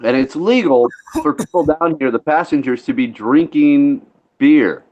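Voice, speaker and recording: A man's voice: fairly high pitch, lively intonation, unhurried, a little mellow. Laid-back rambling male storyteller, lo-fi. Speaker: podcast host. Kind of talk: casual storytelling chat.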